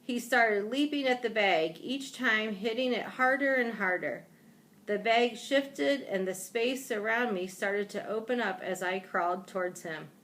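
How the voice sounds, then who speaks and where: Woman reading aloud a children's chapter book; measured, slow delivery with expressive exclamations. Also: fairly high pitch. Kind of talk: storybook read-aloud.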